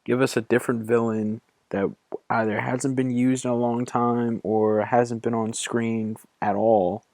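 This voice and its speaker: A man's voice: medium pitch, little pitch movement, a little slow, creaky, darkish tone, no echo. Podcast guy teasing his buddy, laughing a lot, super dry close mic. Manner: teasing, laughs often, rattles off facts. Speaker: podcast co-host. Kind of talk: casual chat.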